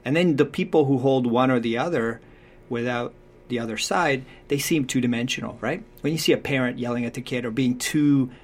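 A man's voice: medium pitch, brisk. A man talking through parenting advice in a reflective, conversational way, often checking in with "right?".

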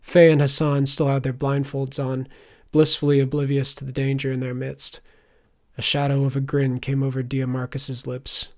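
A male narrator reads a fantasy novel aloud at a middling pitch. His delivery is measured and controlled, and it drops soft and low in reflective stretches. The narration is scripted throughout. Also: monotone. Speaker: audiobook narrator.

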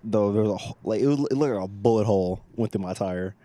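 A young man hosting a casual chat, telling animated, profane stories with plenty of laughs. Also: lowish voice, fast talker. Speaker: podcast host.

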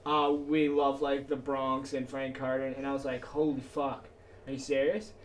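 A man who sings in a band, telling how he joined, playful and quick with plenty of "um". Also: mid-range voice, level tone, recorded from a distance, a little hiss or hum. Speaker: band singer guest. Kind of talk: casual storytelling chat.

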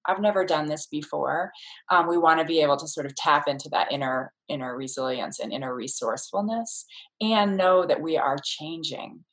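A woman's voice: sits low, brisk, a bit bright, poor audio. A woman who is a childbirth educator, talking thoughtfully as an interview guest, explaining ideas with many fillers and restarts. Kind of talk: casual interview conversation.

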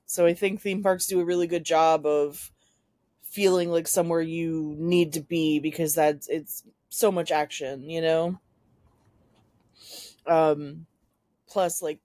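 A woman's voice: low voice, fairly even intonation, unhurried, a little mellow, dry recording, studio quality. A woman co-hosting a podcast in casual chat, joking and laid-back, talking over her phone from home. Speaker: podcast co-host. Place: at home, separate from co-host. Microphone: phone over hotspot.

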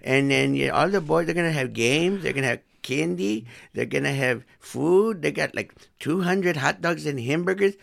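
A man voicing a rowdy, tipsy old grandmother, loud and teasing, dropping in Spanish words. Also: on the high side, animated, normal speed, vocal fry, hardly any pauses, no echo, clean studio sound, exaggerated voice. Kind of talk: comedic improv character bit.

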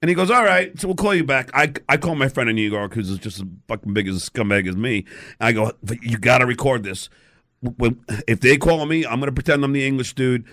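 A man's voice: medium pitch, brisk, fairly bright tone. A man guest on a radio show, telling a story with stammers, laughs and swearing, acting out the people in it. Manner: stammering, laughing, swearing, acts out other voices. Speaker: guest comedian. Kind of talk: telling an anecdote.

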